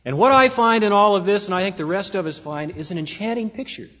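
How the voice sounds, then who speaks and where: High-voiced preacher in a reverberant hall. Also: male voice, fairly bright tone. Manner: measured preaching, slows to stress key words. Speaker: pastor. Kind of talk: sermon. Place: church sanctuary. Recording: dull lo-fi sound with long hall reverb.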